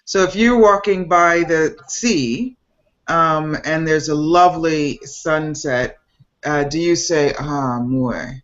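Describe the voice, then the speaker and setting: A man's voice: fairly high pitch, slow pace, fairly bright tone, highs cut off. A man hosting a casual group video chat, playful and laughing often. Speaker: host.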